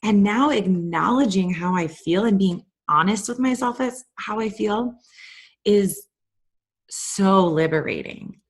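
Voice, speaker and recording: A woman's voice: mid-range voice, a little slow, slightly rough. A young adult woman hosting a candid, conversational self-help talk. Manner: candid, conversational, animated retellings. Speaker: host.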